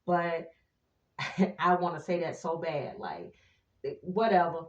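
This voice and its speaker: A woman's voice: fairly low pitch, slow pace, pauses often, roomy sound, lo-fi sound. A woman doing a casual tarot reading for her viewers, sassy and chatty, now and then singing a few lines. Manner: chatty, sassy, breaks into snatches of song. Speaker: tarot reader.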